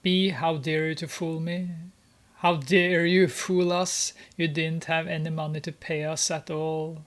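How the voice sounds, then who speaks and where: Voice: medium pitch, flat delivery, normal speed, close to an everyday voice. A gamer voicing an accusing angry thug.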